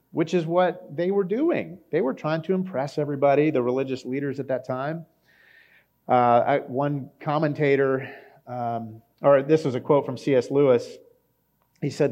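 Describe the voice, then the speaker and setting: Male pastor, relaxed conversational sermon, mid-pitched voice, slightly muffled recording. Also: unhurried. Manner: conversational, with fillers and acted quotes.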